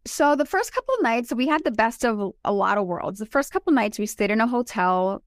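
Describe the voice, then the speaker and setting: A woman in her forties, born in Colombia, telling animated and emotional stories as a podcast co-host. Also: on the high side, fairly quick, no room sound, studio quality. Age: 40s. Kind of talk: casual chat.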